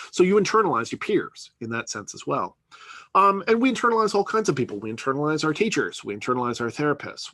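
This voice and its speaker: A man's voice: mid-range voice, a bit bright, husky. A man giving a conversational university lecture, often checking in with "right?" and filler words. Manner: conversational, peppered with "right?" and "you know".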